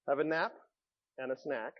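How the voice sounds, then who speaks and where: A male pastor preaching a sermon, telling Bible stories with lively, animated delivery that swings from loud outbursts to hushed tones. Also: mid-range voice, unhurried, highs cut off.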